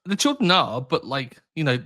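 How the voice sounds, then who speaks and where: A man's voice: on the high side, sing-song, normal speed, fairly bright tone. Wry man co-host. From England. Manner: wry, self-mocking. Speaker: podcast co-host. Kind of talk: casual chat.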